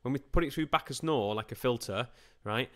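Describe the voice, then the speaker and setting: A man teaching a computer science revision class over a live stream, with a voice of middling pitch. He talks in a chatty, informal way, throwing questions at his listeners and answering them himself. Now and then he slips into playful put-on voices and quick asides. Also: a bit bright.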